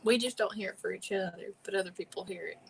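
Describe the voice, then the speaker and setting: A woman's voice: medium pitch, fast, gravelly, a little hiss or hum. A woman, co-hosting a casual livestream with dry, teasing remarks. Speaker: livestream co-host.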